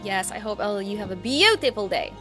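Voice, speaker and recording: A young woman streaming a game and chatting casually with viewers, loud and playful, swinging from yelling to soft asides. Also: mid-range voice, expressive, a little fast, soft background music.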